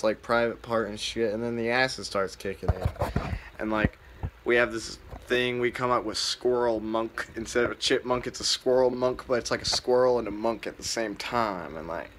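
A man's voice: medium pitch, noisy background. A young man vlogging and telling a rambling, profane, laid-back story full of fillers.

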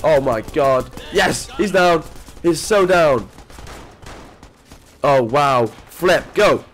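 Excitable stuffy-nosed man gaming. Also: high-pitched, slow pace. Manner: excitable, jumps between mutters and yelps. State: stuffy nose from a cold. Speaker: gaming video creator. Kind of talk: live gameplay commentary.

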